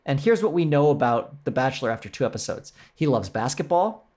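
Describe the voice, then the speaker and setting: A man's voice: mid-range voice, fairly quick. Laughing man recounting stories. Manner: laughs often while recounting, animated and joking. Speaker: podcast co-host. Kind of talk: casual storytelling chat.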